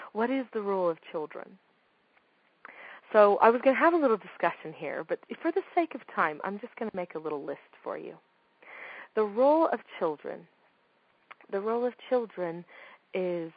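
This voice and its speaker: A woman's voice: on the low side, lively intonation, normal speed, pauses often, dry recording, lo-fi sound. A woman giving a talk on parenting, speaking emphatically and firing off rhetorical questions. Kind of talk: talk to an audience.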